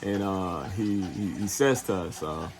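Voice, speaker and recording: A man telling a travel story in a loose, profane way, full of fillers and acted-out quotes. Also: low voice. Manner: loose and profane, heavy fillers like "you know what I'm saying"; acts out other people's lines in quick put-on voices. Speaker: travel vlogger. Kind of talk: casual storytelling.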